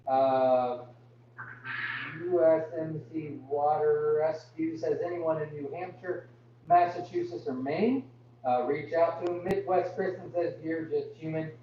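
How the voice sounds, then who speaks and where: A man's voice: fairly high pitch, lively intonation, a little slow. Strained young man hosting a farm livestream. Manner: apologetic, self-deprecating, reads comments aloud and answers. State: straining his voice to talk loudly. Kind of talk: live Q&A reading chat comments. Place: indoors on a farm. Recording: muffled, distant, echoey, with hum.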